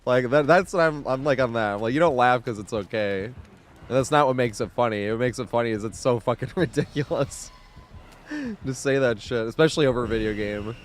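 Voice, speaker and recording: A man casually chatting on his live gaming stream, rambling and laughing a lot, relaxed and stoned, with frequent casual swearing. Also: mid-range voice, brisk, a little hiss or hum.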